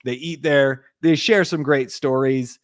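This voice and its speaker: A young podcast co-host chats casually about a movie, retelling the plot in a wandering way, saying "like" a lot and voicing the quotes himself. He has a mid-range, steady voice and an unhurried delivery. Studio-quality sound with no room noise.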